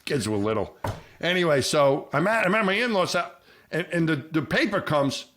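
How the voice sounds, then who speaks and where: A middle-aged man, a former astronaut co-hosting a podcast, telling a long story in a rambling way, with many restarts and lively quoted voices. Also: fairly high pitch, normal speed. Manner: rambling, many restarts, animated when quoting people. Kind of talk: casual storytelling chat.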